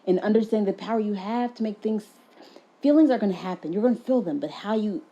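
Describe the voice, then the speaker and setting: A woman's voice: medium pitch, fast, dark tone. A woman who is a mother, talking in a conversational podcast interview, earnest and often affirming the other speaker. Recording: dull lo-fi sound.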